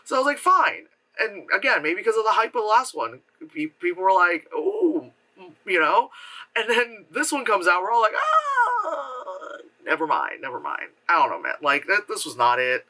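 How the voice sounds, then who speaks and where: A man reviewing a movie in a casual rant, animated and profane, often slipping into mocking impressions. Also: sits high, fast talker.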